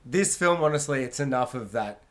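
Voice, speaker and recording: A man co-hosting a podcast, talking about a film in casual chat, animated and quick to swear and burst into loud reactions. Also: mid-range voice. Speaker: podcast co-host.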